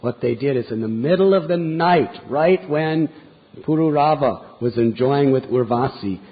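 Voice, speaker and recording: A male spiritual teacher lectures on scripture, telling a story vividly and stopping to draw its moral. His voice is very breathy and husky, at an ordinary pitch for a man. The recording sounds dull and lo-fi. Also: unhurried.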